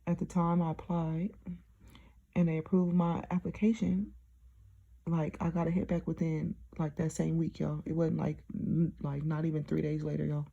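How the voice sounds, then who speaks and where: A young woman talks through a personal story in a loose, chatty way, full of fillers and direct asides to her listeners. Her voice sits low, with a gravelly fry and a husky edge. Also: flat delivery, moderate pace, warm tone, highs cut off. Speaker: diary vlogger.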